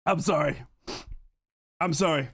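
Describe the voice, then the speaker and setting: A young man hosting a live football watchalong stream from home, hoarse from a chest infection and thanking viewers over and over. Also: fairly high pitch, a little slow, a bit bright. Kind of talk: excited live-stream chat. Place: home streaming setup in Australia.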